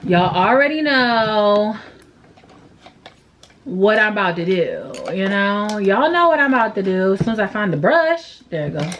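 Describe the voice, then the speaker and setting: A woman's voice: medium pitch, sing-song, unhurried, a bit bright, dull audio, a little hiss or hum. A woman chatting through a makeup tutorial, candid and slangy, openly sad and emotional as she vents between steps. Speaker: makeup vlogger. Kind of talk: casual makeup tutorial chat.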